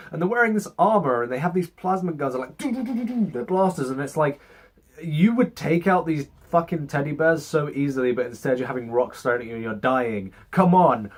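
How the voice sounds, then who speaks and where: A young man giving a casual, sarcastic movie review, swearing freely and acting out scenes in mock voices. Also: on the high side.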